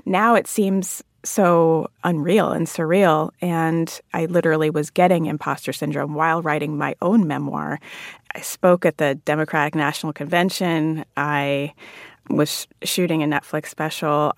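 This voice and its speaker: A woman's voice: lowish voice, unhurried, creaky, no echo, clean studio sound. A woman comedian and author telling stories as an interview guest, acting out the voices of the people she quotes. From United States, Jamaican immigrant family. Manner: animated storyteller, acts out quoted voices. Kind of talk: radio interview.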